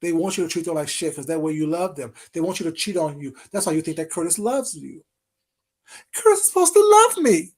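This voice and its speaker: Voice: medium pitch, quick pace, few pauses, a little mellow, slightly rough. Taunting vlogger in a sarcastic rant. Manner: taunting, sarcastic, drawls pet names; asks pointed rhetorical questions again and again. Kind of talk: confrontational call-out rant.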